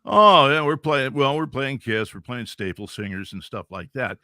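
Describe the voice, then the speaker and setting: A man in his sixties from Central California, a veteran radio DJ telling stories as a podcast guest in an animated, chuckling way. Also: mid-range voice, moderate pace, no echo, clean studio sound. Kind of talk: casual storytelling.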